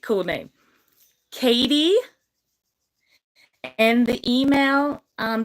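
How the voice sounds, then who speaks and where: A young woman with a fairly high voice chats through a livestream giveaway, bubbly and full of fillers. Her voice is slightly hoarse, as if she is losing it. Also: a bit bright, poor audio. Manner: bubbly, chatty, many fillers. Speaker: gecko breeder hosting a livestream giveaway. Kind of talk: casual livestream chat.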